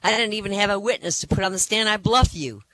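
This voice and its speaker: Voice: mid-range voice, quick pace, pushed and bright, voice pushed up, close to an everyday voice, low-quality recording. A joke teller doing a smug young city lawyer. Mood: gloating.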